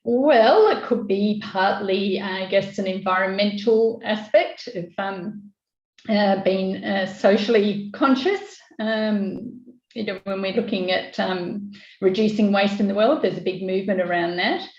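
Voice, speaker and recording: A woman, a business owner, explaining her work hesitantly with many pauses over a video call. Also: medium pitch, a little mellow. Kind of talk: casual chat. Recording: echoey dull video-call audio.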